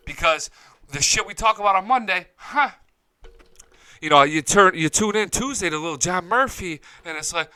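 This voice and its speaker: A man's voice: high-pitched, a little fast, sharp tone, clear, resonant tone, no echo, poor audio. A man hosting a live-streamed sports talk show, hyped and profane, jumping from topic to topic. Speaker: sports podcast host. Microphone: studio mic, close and dry.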